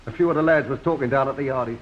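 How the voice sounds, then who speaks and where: A man's voice: mid-range voice, racing, close to an everyday voice. An actor playing a kindly, awkward fellow rag-and-bone man from in a radio sitcom, who stammers and hesitates as he talks. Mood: hesitant. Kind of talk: 1960s radio sitcom acting. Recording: dull hissy old radio recording.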